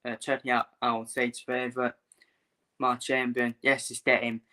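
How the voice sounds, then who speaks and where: A man's voice: mid-range voice, monotone, moderate pace, sharp tone. A man talking casually to viewers in a live stream, often repeating his phrases and filling gaps with "uh". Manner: repeats himself, fillers, talks to viewers. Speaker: boxing vlogger.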